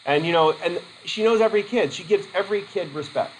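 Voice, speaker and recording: A man's voice: sits high, fast, slight background noise, rough recording. A male teacher giving a casual classroom lecture, acting out quoted voices and laughing easily.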